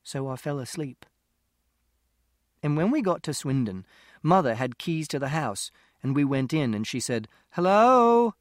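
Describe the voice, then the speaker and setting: A man narrating an audiobook in the first person, in a plain, literal, steady way with many exact details. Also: medium pitch, moderate pace, pauses often, no room sound, clean studio sound.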